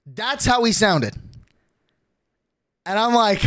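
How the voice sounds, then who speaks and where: A man's voice: sits high, animated, fairly quick, long pauses, fairly bright tone, no echo. Rambling, swearing young man. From Australia. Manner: rambling, swears a lot, keeps checking in with "okay?". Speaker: streamer. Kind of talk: casual chat, storytelling.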